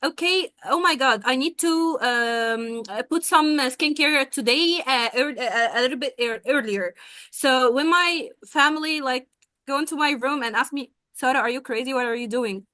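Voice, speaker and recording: Brief: high, bright woman teacher with an American-style accent, gushing and upbeat, dry video-call sound. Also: normal speed, dry recording. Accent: American-style English. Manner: bubbly, enthusiastic, gushing praise. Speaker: English session teacher. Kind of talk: casual speaking practice on a video call.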